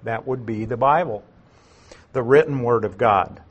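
Slow, husky-voiced man teaching scripture. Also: mid-range voice, lo-fi sound. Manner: unhurried, explains terms and repeats key phrases. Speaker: Bible teacher. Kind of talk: expository Bible teaching.

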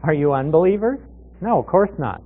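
A man's voice: on the high side, very animated, fairly quick. A man teaching through a Bible passage verse by verse, in a conversational way, asking questions and answering them himself. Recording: tinny phone-like radio broadcast.

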